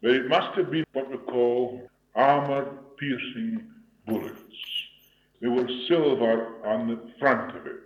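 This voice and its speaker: Older man, preacher, slow deliberate sermon, troubled throat, muffled old recording. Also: medium pitch, a little hiss or hum. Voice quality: troubled throat, clears throat now and then. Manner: solemn, measured, deliberate delivery. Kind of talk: sermon with personal storytelling. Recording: dull lo-fi recording in an echoey room.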